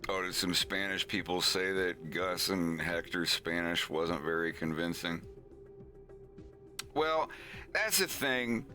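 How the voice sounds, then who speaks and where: Low, slow-talking man streaming casually. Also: soft background music. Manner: rambling, filler-heavy, animated storytelling. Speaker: animation streamer. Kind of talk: casual live-stream chat.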